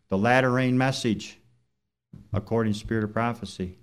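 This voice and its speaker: A man's voice: mid-range voice, fairly even intonation, moderate pace, clean tone. A man, a truck driver, telling a story in plain conversational speech during a church service, then turning it into preaching questions. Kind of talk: storytelling sermon testimony.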